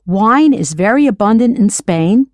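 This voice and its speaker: Woman, language teacher, scripted lesson, patient, spells out words, animated pitch, dry sound. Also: unhurried, no room sound.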